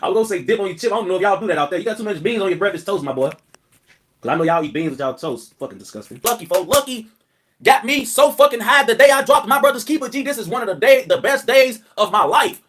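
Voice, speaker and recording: A young man rants on a livestream in a very high, swooping voice. He talks fast, tells profane stories and laughs often. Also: animated, a bit bright, slight background noise. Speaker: rapper on a livestream. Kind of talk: casual livestream rant.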